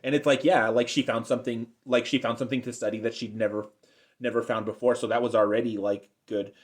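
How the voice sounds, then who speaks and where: A man's voice: mid-range voice, level tone, fast. A young man giving an unscripted cartoon episode review, rambling and enthusiastic with lots of fillers.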